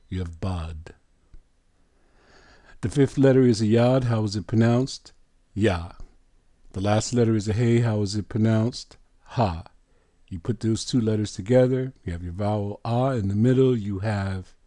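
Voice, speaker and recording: A male preacher giving a Bible teaching in a deliberate, emphatic sermon style, stretching out key words. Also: lowish voice, warm tone, no room sound, clean studio sound.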